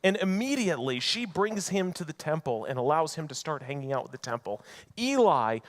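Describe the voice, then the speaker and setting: A man preaching in a church sanctuary, retelling a Bible story in a relaxed, conversational way. His pitch swings widely and sits a little high for a man, and he slips into acted voices for the characters. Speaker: pastor. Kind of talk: sermon.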